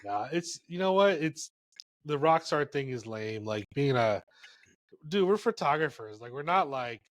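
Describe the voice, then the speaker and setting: A man with a mid-range voice chats casually as a podcast guest. He speaks as a photographer, in a relaxed, frank and filler-heavy way. The sound is dry and close to the mic. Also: medium pitch, a little slow, dry recording.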